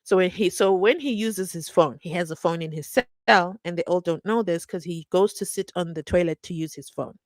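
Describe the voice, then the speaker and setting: A woman hosting a true crime channel, chatting casually and reading out viewer comments, animated and teasing, laughing often. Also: lowish voice, normal speed, hardly any pauses, no echo. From South Africa.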